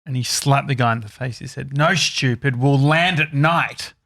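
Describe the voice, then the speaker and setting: A man's voice: medium pitch, moderate pace, gravelly, fairly bright tone, dry recording, clean studio sound. An Australian man hosting a podcast, telling rambling stories in casual chat with plenty of hesitations. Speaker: podcast host.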